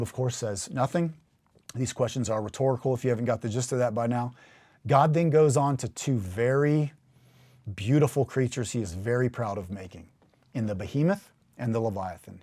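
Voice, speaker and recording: A man hosts a casual Bible teaching podcast in a chatty, animated way. He slows down into measured, dramatic readings when he quotes scripture. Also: mid-range voice. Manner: chatty and animated, bursts of laughter and emphatic rises.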